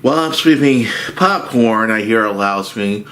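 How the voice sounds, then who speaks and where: A man's voice: lowish voice, expressive, moderate pace, a bit bright. A man telling a rambling story from his movie theater job as a casual rant, with frequent restarts.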